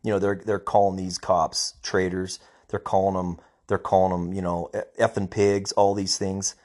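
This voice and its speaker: A man's voice: low-pitched, flat delivery, moderate pace, a little mellow. A middle-aged man, a police officer, ranting angrily on his own podcast, emphatic and repeating himself. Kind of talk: personal podcast rant.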